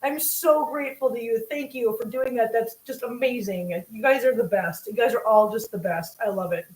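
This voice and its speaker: A woman with a fairly high, slightly mellow voice talks at a normal pace, recorded in low quality in an echoey room. Hosting a cooking livestream from her home kitchen, she chats emotionally and gushes thanks to her viewers as she cooks.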